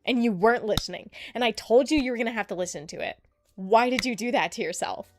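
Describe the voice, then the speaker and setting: A woman streaming casually as she reacts to a trailer, excitable and rambling, with frequent swearing. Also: on the high side, fast, soft background music.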